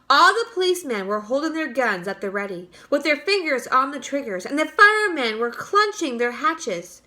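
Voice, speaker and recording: A woman teacher reads a chapter book aloud to her young students, expressive and lively. Her voice sits high and bounces through a wide range, with a bright tone. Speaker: third-grade teacher. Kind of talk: read-aloud for children.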